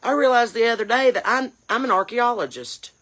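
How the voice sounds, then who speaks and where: A woman's voice: a little high, lively intonation, fairly quick, fairly bright tone. A woman playing a brash, indignant chain-smoking mom, scolding and firing off rhetorical questions. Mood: indignant rant. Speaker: comedy character creator. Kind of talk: character comedy rant.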